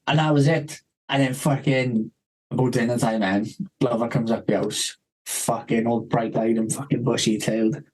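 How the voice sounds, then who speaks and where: A man's voice: mid-range voice, steady tone, normal speed, darkish tone, rough recording. A man telling a rambling story on a podcast, swearing constantly and acting out the people he quotes.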